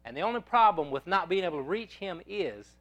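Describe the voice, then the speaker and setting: A man's voice: sits high, big pitch swings, a little fast, fairly bright tone. Folksy preacher man telling stories. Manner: folksy storyteller, repeats words as he goes. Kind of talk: sermon with personal storytelling.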